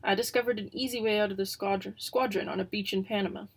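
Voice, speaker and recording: A woman's voice: medium pitch, fairly even intonation, quick pace, slightly rough. A woman reading aloud gives voice to a restless young female bird, sly and offhand, a runaway flyer from a storybook. She talks in an easygoing, shrugging way.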